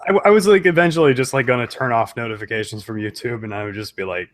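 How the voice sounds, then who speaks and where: A man's voice: medium pitch, quick pace. A man chatting casually and joking on a livestream, mocking people he quotes. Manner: animated, joking, mock-quoting others. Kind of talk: casual chat.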